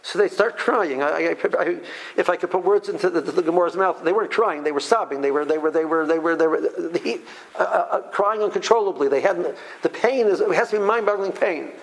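A man's voice: high voice, brisk, rough recording. A middle-aged man teaching a Torah lesson in an emphatic storytelling way, mixing in Hebrew terms and often stumbling over repeated words.

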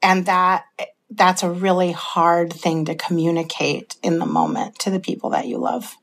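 A woman author speaking as a radio guest in slow, measured sentences. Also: fairly low pitch, expressive. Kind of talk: radio interview.

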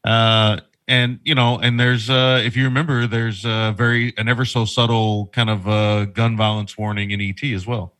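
A man in his forties trades casual film talk as a podcast co-host, slightly low-pitched and easygoing. He jokes about himself and sets up laughs. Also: little pitch movement, normal speed, hardly any pauses, a bit bright. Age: 40s.

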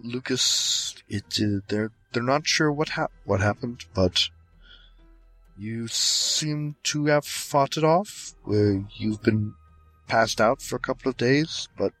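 A man voicing a worried, gentle mother who stammers and soothes. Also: mid-range voice, takes it slowly, faint music behind. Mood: hesitant.

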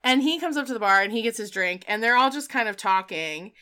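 A woman's voice: fairly high pitch, expressive, fast, sharp tone, clear, resonant tone. A woman casually recapping a movie, full of "like" and laughter, quoting characters as she goes. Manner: chatty, filler-heavy retelling with quoted voices and laughter. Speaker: podcast co-host recapping a film. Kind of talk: casual chat.

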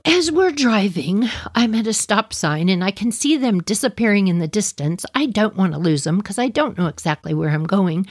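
A woman hosting a podcast, telling a personal story in an animated way and often laughing as she goes. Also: mid-range voice, dry recording, clean studio sound. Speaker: podcast host.

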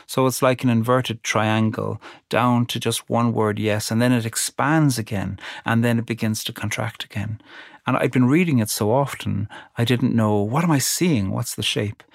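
A man hosting a podcast, reading a poem slowly and then reflecting on it in a measured, contemplative way. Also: mid-range voice, vocal fry, dry recording, studio quality. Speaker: podcast host. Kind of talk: poetry reading and reflective commentary.

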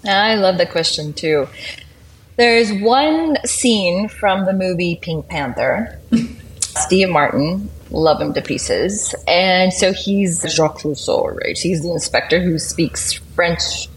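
A middle-aged woman guest in a casual interview chat, bubbly and animated, laughing often. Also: lowish voice, slow, a little hiss or hum, poor audio. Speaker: podcast guest, executive.

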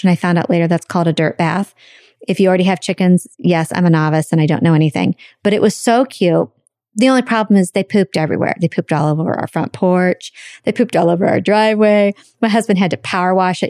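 A woman telling a personal story in a chatty, animated way, acting out the voices of people she quotes. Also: mid-range voice, dry recording, studio quality.

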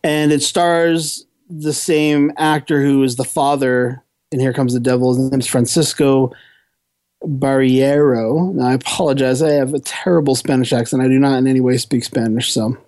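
A man's voice: mid-range voice, level tone, brisk, a little mellow, dry recording. A man co-hosting a podcast, giving a casual, enthusiastic film review that rambles and restarts often.

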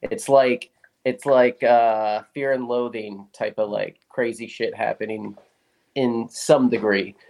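A man's voice: medium pitch, steady tone, takes it slowly, a little mellow. A man chatting on a podcast, rambling and swearing casually as he explains things. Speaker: podcast guest. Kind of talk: casual chat.

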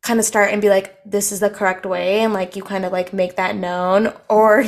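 A woman's voice: medium pitch, level tone, moderate pace. A young woman from the United States co-hosting a podcast, chatting casually with lots of filler words. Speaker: podcast co-host. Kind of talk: casual chat.

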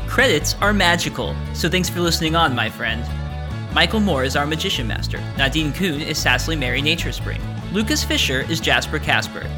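A man hosting a podcast, reading closing credits in a friendly, thankful way. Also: a little high. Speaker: podcast host. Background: guitar music.

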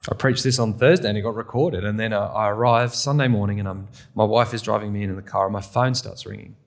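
Low gravelly pastor telling a story. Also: male voice, steady tone, quick pace. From England. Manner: candid, self-deprecating storytelling. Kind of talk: sermon with personal story.

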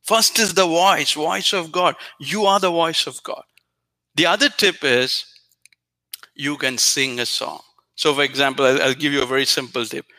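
A man's voice: a little high, fairly even intonation, normal speed, bright, forceful tone. A man giving an earnest, repetitive spiritual talk to listeners. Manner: earnest, repetitive, emphatic teaching. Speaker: spiritual teacher.

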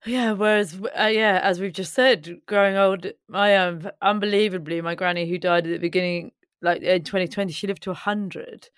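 A podcast host talks reflectively in casual conversation, often pausing and restarting as they search for words. Their mid-range voice sounds dry and close. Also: mid-range voice, steady tone, a bit bright, clear, resonant tone, no echo.

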